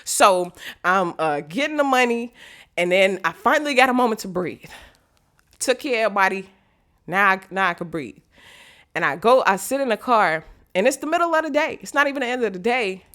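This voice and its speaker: Woman vlogger, mid-range pitch, lively motivational storyteller who acts out quoted voices. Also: a little fast. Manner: slangy, direct address to viewers.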